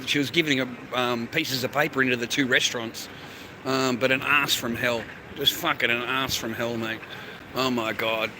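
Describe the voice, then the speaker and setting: A man's voice: fairly high pitch, pushed and bright, a little hiss or hum. A middle-aged Australian man rambling in a loose, profane way during a casual livestream, talking to his phone and speaking directly to the viewer. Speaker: live streamer. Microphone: phone held while talking.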